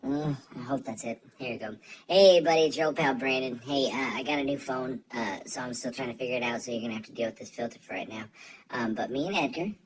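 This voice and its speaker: A man's voice: medium pitch, fast talker, background noise. A man sending a rambling, joking congratulations video through a phone voice filter. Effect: voice filter from a phone app. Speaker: friend sending a video message. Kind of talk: casual recorded video message.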